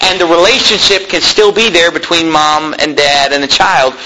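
Male preacher, higher and bright in tone, emphatic sermon delivery with frequent asides to the congregation. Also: steady tone, moderate pace, poor audio. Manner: emphatic, checks in with listeners; reads scripture aloud.

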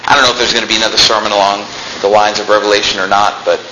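A man's voice: on the low side, level tone, rapid-fire, background noise. A man preaching a sermon as pastor, with an emphatic, fervent delivery, heard in a church sanctuary. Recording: echoey room.

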